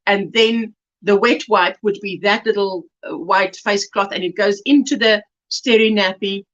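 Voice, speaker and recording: The recording is muffled, and the woman's medium-pitched voice is unhurried. She is a middle-aged South African hosting an informal crochet stream, reading viewer comments in a warm, chatty way and addressing each as sweetheart.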